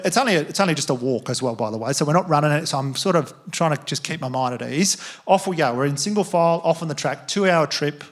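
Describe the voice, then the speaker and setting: A man doing stand-up, telling a story in a self-mocking way and acting out the voices of the people in it. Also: fairly high pitch. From Australia. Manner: animated, self-mocking, acts out quoted voices. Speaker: stand-up comedian. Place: theatre stage before a live audience.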